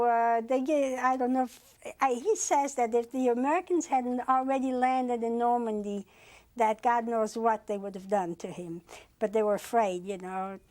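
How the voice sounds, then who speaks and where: Older french-born lady telling her survival story, lots of "he says" and uhs, slightly high voice. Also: a little mellow. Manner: retells dialogue with constant "he says", halting with fillers. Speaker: Holocaust survivor interviewee. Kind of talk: oral history testimony.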